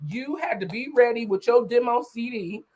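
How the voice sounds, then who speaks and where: A woman hosting a live stream, telling a long story to her viewers in an easygoing, conversational way. Her voice hasn't warmed up yet, and she keeps tagging her lines with "you know" and "okay?" and breaks off now and then to greet people in the chat. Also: a little high, moderate pace, husky, rough recording. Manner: greets viewers by name while talking. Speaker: livestream host. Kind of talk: casual livestream storytelling.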